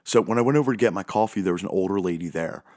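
A man's voice: low-pitched, rapid-fire, a little mellow, no echo, clean studio sound. A man hosting a podcast, talking in a rambling, self-deprecating, goofy way. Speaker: podcast host. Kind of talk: casual monologue.

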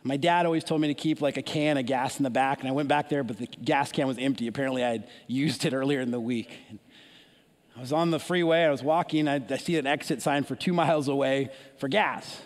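A man preaching a sermon as an animated story, with frequent restarts and asides. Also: medium pitch, fairly quick, long reverb tail.

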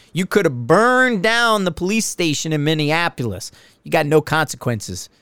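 Middle-aged male podcast host, rambling and profane, clear voice on a dry close mic. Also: on the high side, dry recording. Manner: rambling, profane, stop-start. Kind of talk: casual monologue.

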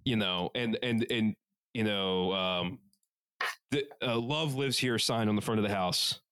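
A man's voice: fairly low pitch, a little slow, clear, resonant tone, dry recording. A man with a Northeastern US accent co-hosting a podcast, bantering in a rambling, profane style from a couch at home. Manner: rambling, profane, animated storytelling. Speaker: podcast co-host.

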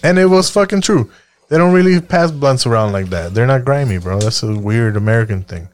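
A man's voice: medium pitch, lively intonation, brisk. A man hosting a podcast, joking and swearing in loose, casual crosstalk with friends. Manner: joking, profane, laughs often. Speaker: podcast host.

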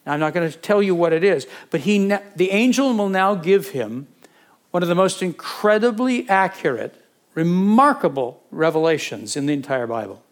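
A pastor giving a sermon, teaching from scripture in a conversational way, with asides and questions put to the congregation. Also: male voice, high voice, big pitch swings, moderate pace. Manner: conversational, with asides and self-corrections.

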